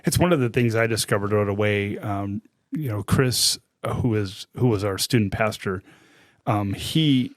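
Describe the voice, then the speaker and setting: A man's voice: fairly low pitch, dry recording, clean studio sound. Laughing, teasing man with a faint Chicago accent. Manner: laughs often, teasing, halting with fillers. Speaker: podcast co-host. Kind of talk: casual podcast chat.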